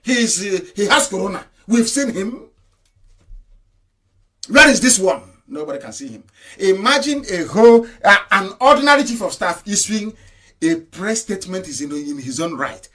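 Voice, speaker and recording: A man's voice: high voice, animated, normal speed, sharp tone. Fiery man giving a political broadcast. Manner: fiery, emphatic, rhetorical questions and repetition. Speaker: activist broadcaster.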